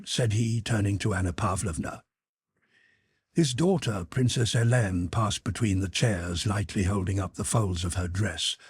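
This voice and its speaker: A man reading a classic novel aloud as an audiobook narrator, in a measured, expressive way. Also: lowish voice, slightly rough, no room sound.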